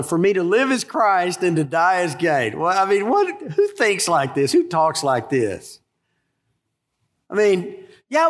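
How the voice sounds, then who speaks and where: High-pitched guy preaching, slows down for the big words, hurries the jokes, church echo. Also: a bit bright. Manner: emphatic, storytelling preacher, shifts between slow stress and quick asides. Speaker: pastor. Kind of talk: sermon.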